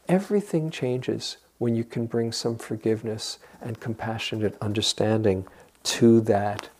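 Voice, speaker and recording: An older man giving a gentle, reflective dharma talk as a meditation teacher and guiding listeners through a practice. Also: mid-range voice.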